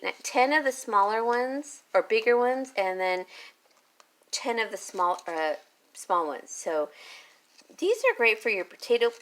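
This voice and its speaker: A woman vlogger chatting casually about a garden haul, rambling and correcting herself as she goes. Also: mid-range voice. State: hiccups. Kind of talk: casual chat.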